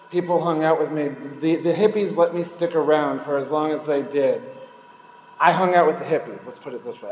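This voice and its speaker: A man's voice: on the high side, a little mellow, roomy sound, big-room sound, a little hiss or hum, low-quality recording. A man speaking at a recovery meeting, giving a candid personal testimony and rambling between thoughts. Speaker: recovering alcoholic sharing at a meeting.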